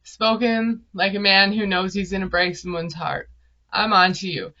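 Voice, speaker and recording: A woman's voice: medium pitch, steady tone, moderate pace, bright, forceful tone, highs cut off. A woman, recapping a reality show in casual, sarcastic commentary. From Minnesota. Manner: chatty, sarcastic, laughs often. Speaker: TV recap vlogger.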